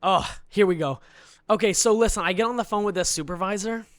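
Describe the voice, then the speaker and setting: A man's voice: high-pitched, fairly quick, fairly bright tone, no echo, studio quality. A man telling an indignant story on a podcast, building up with bursts of laughter. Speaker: podcast guest. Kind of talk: animated storytelling rant.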